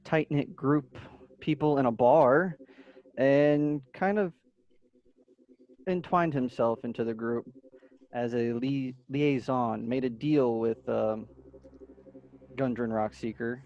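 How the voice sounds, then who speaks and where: A man playing a tabletop game over a video call, introducing his character slowly with long pauses. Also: mid-range voice, dull audio, a little hiss or hum. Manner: slow, pausing. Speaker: player.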